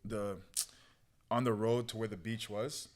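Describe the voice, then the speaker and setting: A man's voice: lowish voice, level tone, unhurried. A young man telling a personal story as a podcast guest in casual, slangy talk. He keeps saying "bro" and "yo" and acts out his own past words as he goes. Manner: relives moments through quoted self-talk.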